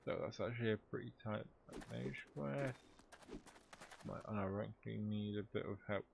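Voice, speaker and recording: Low-voiced, offhand male streamer. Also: normal speed, vocal fry, noisy background. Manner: relaxed, offhand, self-deprecating. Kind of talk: casual gameplay commentary.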